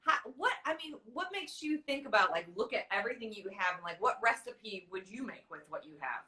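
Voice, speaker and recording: A woman hosting a casual cooking show over a video call, gushing and excitable. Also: mid-range voice, a little fast. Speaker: host.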